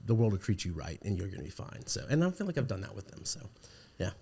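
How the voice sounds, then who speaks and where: Deep-voiced man chatting casually. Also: very animated, fast talker, vocal fry, dark tone, slight background noise. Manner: rambling, with many restarts and fillers. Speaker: podcast guest. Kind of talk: casual conversation.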